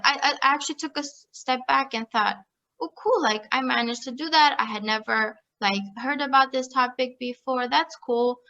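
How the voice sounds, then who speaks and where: A young woman telling her story as a podcast guest, chatty and animated, with lots of "like" and frequent laughter. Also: a little high, muffled recording. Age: young adult. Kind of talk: casual storytelling interview.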